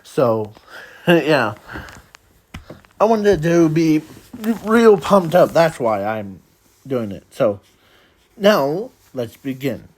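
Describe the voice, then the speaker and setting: A man hosting a casual card review video, talking in a halting way with many restarts. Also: mid-range voice, big pitch swings. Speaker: video host reviewing custom cards.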